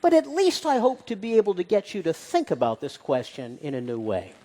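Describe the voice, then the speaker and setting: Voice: mid-range voice, animated, fairly quick, warm tone, in a large hall. A speaker giving a lecture-style public talk to an audience, posing rhetorical questions and stressing key points. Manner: poses rhetorical questions, emphatic. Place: large hall with an audience.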